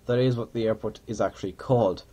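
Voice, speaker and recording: A man's voice: lowish voice, fairly even intonation, fast, dark tone, muffled recording. A man giving casual, rambling commentary while playing a flight simulator. He mutters and mocks himself, and now and then slips into mock pilot announcements.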